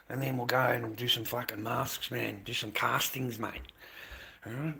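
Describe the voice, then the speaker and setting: A middle-aged man talks to his livestream chat in a gravelly, husky voice with a bright edge. He is blunt and coarse, swearing often and calling everyone mate. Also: medium pitch, steady tone, normal speed. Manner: swearing, aggressive, blunt, calls people mate. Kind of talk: casual livestream chat with viewers.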